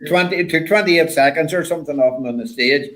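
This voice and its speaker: Older guy spinning rally yarns, repeats himself a lot, gets lively when he quotes people. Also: a little high, a little fast, low-quality recording. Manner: rambling, repeats words, animated when quoting others. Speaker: guest, former rally driver. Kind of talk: casual storytelling chat.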